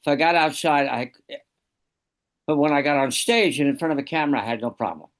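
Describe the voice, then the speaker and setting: A man's voice: on the high side, lively intonation, fairly quick. An older man sharing a reflective personal story in a study group on a video call.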